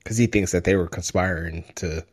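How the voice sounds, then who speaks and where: A man co-hosting a sports podcast in casual chat, animated and joking with frequent laughs. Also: low voice, brisk. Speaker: podcast co-host.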